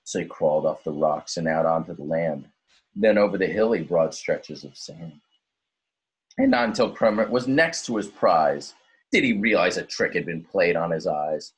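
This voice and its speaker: A male teacher reading a rhyming story aloud in an expressive, sing-song way. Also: deep voice, moderate pace, breathy edge.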